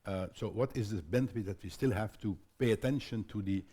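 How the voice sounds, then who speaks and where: An older man moderating a conference panel in a halting way, with frequent fillers and restarts. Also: on the low side, dark tone, breathy edge.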